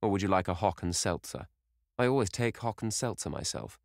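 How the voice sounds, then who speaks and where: A man voicing a vain, bored young gentleman who speaks in a languid, petulant way, lifting his voice above his own low register. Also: expressive, fairly quick, vocal fry, dry recording, clean studio sound.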